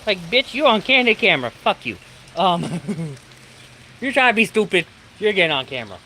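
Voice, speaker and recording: A storm streamer from the US Pacific Northwest rants with heavy profanity on a live stream, broadcasting from home as a thunderstorm brings rain outside. His mid-range voice is very animated, bright and forceful at a normal speed. The rain is audible, along with a slight hiss or hum.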